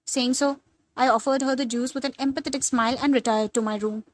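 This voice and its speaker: A young woman tells a scripted first-person story with dramatic, suspenseful pacing. Her voice is high and bright in tone. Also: fairly even intonation, quick pace, low-quality recording. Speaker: narrator.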